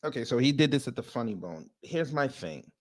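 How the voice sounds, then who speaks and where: A man hosts a casual reaction commentary, speaking to viewers as family and restarting his sentences with stammers. His voice sits at a middle pitch, and the sound is dry and close. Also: big pitch swings, fairly quick, dry recording. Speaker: commentary show host.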